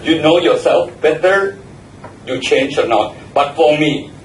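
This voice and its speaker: A man evaluates the speakers at a club meeting, repeating words and spelling some out. His voice sits a little high for a man. He is picked up from across an echoey room, with faint noise behind. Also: unhurried. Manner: repeats and spells out words, gives warm feedback. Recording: echoey room, mic far off.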